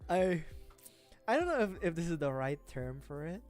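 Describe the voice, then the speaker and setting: A woman's voice: on the low side, very animated, moderate pace, darkish tone, faint music behind. A woman streamer chatting casually on a livestream, rambling, with frequent laughing fits and restarts. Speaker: VTuber streamer. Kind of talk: casual livestream chat while building a model kit.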